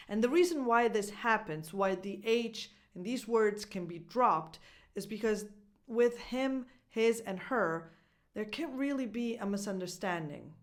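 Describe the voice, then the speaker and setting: A woman's voice: mid-range voice, expressive. A woman, a native Italian speaker, teaching English pronunciation and carefully demonstrating phrases for listeners to repeat. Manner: clear, deliberate demonstrations with repeat-after-me drills. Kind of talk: pronunciation lesson.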